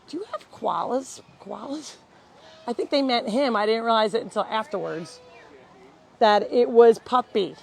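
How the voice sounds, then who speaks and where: A woman who runs an animal sanctuary, chatting casually on a live tour outdoors and cooing at the animals. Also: on the high side. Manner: chatty, talks baby-talk to animals. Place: outdoors on a farm. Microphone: handheld mic.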